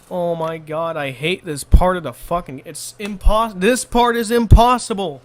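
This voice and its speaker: A man yelling furious, profane commentary while playing a video game. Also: very high voice, animated, takes it slowly, a little hiss or hum. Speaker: gamer. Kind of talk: raging gameplay commentary.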